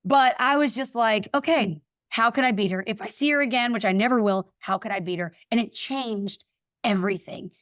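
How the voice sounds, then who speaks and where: Woman guest on a podcast, kinda high voice, super animated storyteller, dry close mic. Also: normal speed, dry recording. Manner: animated, acts out voices in her anecdotes. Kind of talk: storytelling in a casual interview.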